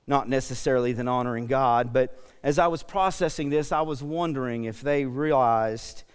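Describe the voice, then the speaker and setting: A man's voice: medium pitch, smooth. A male pastor preaching a sermon, mixing joking stories with earnest exhortation. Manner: storytelling, self-deprecating humor, exhorting. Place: church sanctuary. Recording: long reverb in a church hall.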